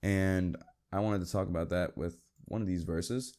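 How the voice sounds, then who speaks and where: A young man hosts a Christian podcast in a relaxed, conversational way. His voice sits on the low side, and he speaks earnestly, reading scripture and giving plain advice about friends who hold you accountable. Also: moderate pace. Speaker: podcast host. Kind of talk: casual Christian podcast talk.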